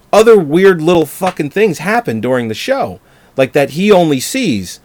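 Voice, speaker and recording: A man's voice: medium pitch, no echo. A man speaks in an opinionated, offhand way, swearing freely and letting his sentences trail off into hedges. His voice is in the middle range for a man, and the recording is dry, with no room sound. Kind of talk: casual chat.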